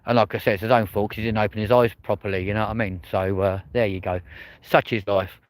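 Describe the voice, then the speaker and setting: A man with a southern English accent rambles through a casual livestream, swearing freely and looping back to the same stock phrases. His voice sits fairly low. The sound is close and dry. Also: fairly even intonation, quick pace, dry recording. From England. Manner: rambling, swears freely, repeats "but there we go". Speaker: livestream host. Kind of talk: casual live-stream chat. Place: outdoors at night.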